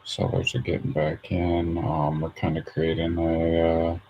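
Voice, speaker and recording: A man's voice: sits low, little pitch movement, unhurried, vocal fry, dull audio, a little hiss or hum. A man streaming his trading session, thinking aloud in a casual, hesitant way with lots of fillers. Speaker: day trader streaming his charts.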